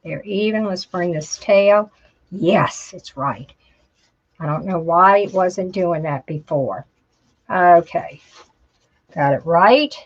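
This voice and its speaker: Slow-talking woman crafting. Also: on the low side. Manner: chatty, talks to herself while working, says y'all. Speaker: craft tutorial host. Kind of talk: casual crafting demonstration. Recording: dull lo-fi home video audio.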